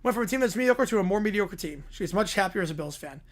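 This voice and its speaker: Hoarse man answering chat. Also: sits high, lively intonation. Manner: quick offhand replies to chat. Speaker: streamer. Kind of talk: casual livestream Q&A.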